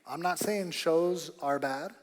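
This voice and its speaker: Pastor, man, high-pitched, emphatic sermon delivery, long church-hall reverb. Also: slow pace. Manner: emphatic, rising to loud bursts, repeats key phrases. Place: church auditorium.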